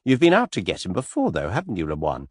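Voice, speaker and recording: A man voicing a cool English gentleman suspect, speaking lightly and teasingly in an unhurried way. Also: low voice, wildly swooping pitch, breathy edge, no room sound, studio quality, heavily acted. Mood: amused.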